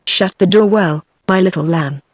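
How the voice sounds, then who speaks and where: A woman's voice: fairly low pitch, normal speed, no echo, lightly acted. A sly fairy-tale wolf, read by a British synthetic woman's voice. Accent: British English. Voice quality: even, mechanical text-to-speech delivery.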